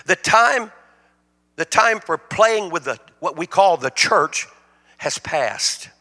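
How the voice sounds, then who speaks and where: A man's voice: high voice, lively intonation, slow, bright, forceful tone. A man preaching a sermon as a guest speaker, in a plain-spoken, folksy way. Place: church sanctuary. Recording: long reverb of a church hall.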